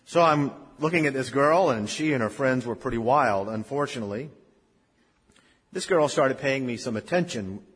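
Husky-voiced preacher in a reverberant church. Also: male voice, mid-range voice, animated, normal speed. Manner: storytelling preacher, swings from loud emphasis to hushed. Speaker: pastor. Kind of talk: sermon. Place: church sanctuary. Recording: long reverb of a church hall.

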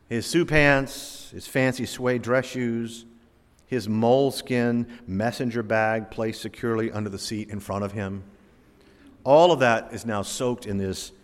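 A man preaching a sermon, telling a self-deprecating personal story in an animated way before drawing a lesson from scripture. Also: on the low side, long reverb tail.

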